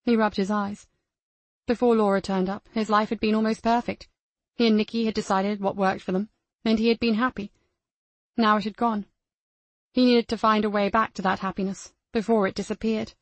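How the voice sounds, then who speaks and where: A woman reading a crime novel aloud as the narrator, in a measured storytelling manner. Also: mid-range voice, level tone, no room sound. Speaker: audiobook narrator. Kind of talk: scripted narration.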